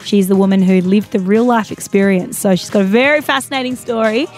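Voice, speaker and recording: A woman's voice: mid-range voice, fairly quick, darkish tone, faint music behind. A woman with an Australian accent, co-hosting a radio show in the studio in a playful, teasing casual chat. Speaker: radio co-host.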